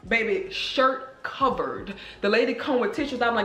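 Animated woman vlogger in echoey room. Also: medium pitch, unhurried. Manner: animated, emotional, addresses viewers as girl and y'all. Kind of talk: casual storytelling to viewers. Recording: roomy echo with faint music.

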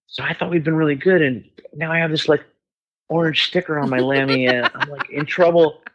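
A man guesting on a podcast, telling a story in casual chat, animated and swearing freely as he acts out other people's voices. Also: a little high, a little fast, muffled recording. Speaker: guest musician.

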